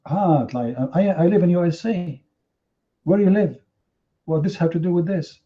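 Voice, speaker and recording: Mocking, high-voiced male debate host. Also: moderate pace. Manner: confrontational, mocking, rhetorical questions; non-native English grammar. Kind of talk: heated live online debate. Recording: slightly muffled online stream audio.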